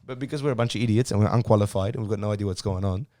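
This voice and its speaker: A man's voice: on the low side, racing, mellow, no room sound, studio quality. A young man, co-hosting a podcast in a rambling, self-mocking casual chat. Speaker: podcast co-host.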